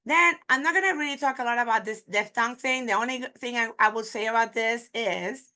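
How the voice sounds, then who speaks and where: Bright-voiced teacher. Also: female voice, on the high side. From Puerto Rico. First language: Spanish. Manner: demonstrative, repeating example words slowly. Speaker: Spanish teacher. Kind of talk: online pronunciation lesson.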